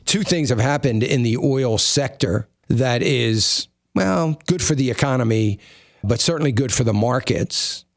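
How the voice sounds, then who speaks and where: Measured male financial commentator. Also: medium pitch, no room sound, clean studio sound. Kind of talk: market commentary segment.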